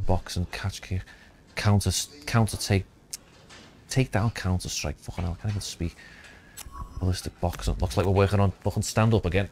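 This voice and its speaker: A deep-voiced man from the Liverpool area commentates casually over a fighting game. He rambles, swears and thinks aloud, with faint noise in the background. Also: a little mellow. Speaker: gaming youtuber.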